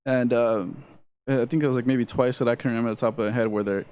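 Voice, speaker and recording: A man's voice: mid-range voice, fast, clean tone. A young man co-hosting a casual podcast chat, telling a story in a loose, profane way. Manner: animated storyteller, swears freely, acts out quoted voices. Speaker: podcast co-host.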